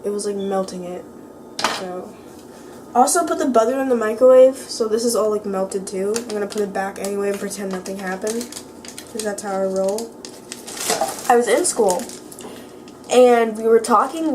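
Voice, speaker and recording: A woman's voice: on the high side, a little mellow, slight background noise. Rambling teenage girl with a sick voice. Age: teens. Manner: rambling, fills speech with "like". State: sick, voice lower than usual. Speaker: vlogger. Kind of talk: casual chat.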